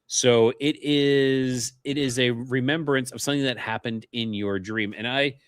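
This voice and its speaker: A man's voice: medium pitch, steady tone, measured pace. Earnest Canadian-born man telling a story. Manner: earnest storyteller who acts out remembered dialogue. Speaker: podcast guest. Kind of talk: casual storytelling interview.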